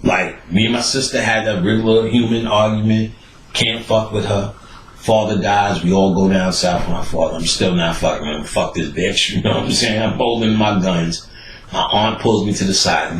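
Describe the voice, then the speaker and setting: A man hosting a podcast, telling stories in a profane, animated way and acting out the people he quotes. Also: sits low, roomy sound, poor audio. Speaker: podcast host. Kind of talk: casual storytelling monologue.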